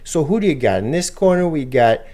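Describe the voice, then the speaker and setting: A man's voice: on the high side, big pitch swings, fairly quick, mellow. Joking male podcast host, loose and chatty. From Canada. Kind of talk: casual sports podcast chat.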